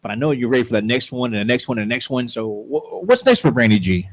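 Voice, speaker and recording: A man's voice: mid-range voice, animated, fast, dry recording. A man co-hosting a radio show, chiming in eagerly during casual chat. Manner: enthusiastic, chiming in. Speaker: radio DJ co-host.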